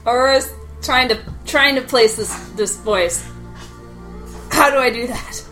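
A woman's voice: high-pitched, fairly bright tone, faint music behind, poor audio. Chatty woman at a tabletop game. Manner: chatty, laughs often, quick asides. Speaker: player.

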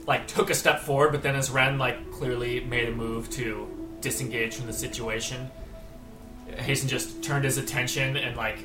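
A man narrating scenes in a tabletop game, rambling and filling pauses with filler words. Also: mid-range voice, steady tone. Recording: echoey room with loud music.

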